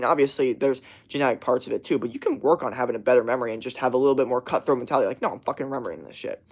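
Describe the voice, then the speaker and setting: Swearing, rambling young man ranting. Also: medium pitch. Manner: heavy swearing, rambling with many fillers and restarts. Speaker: streamer. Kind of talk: casual rant to a live chat.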